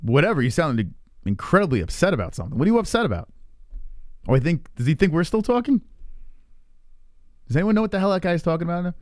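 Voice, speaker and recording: Male stream host, fairly high voice, profane and teasing, close dry mic. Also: very animated, fast, pauses often, dry recording. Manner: profane, teasing, rambling with restarts. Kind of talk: casual live stream chat, reading chat.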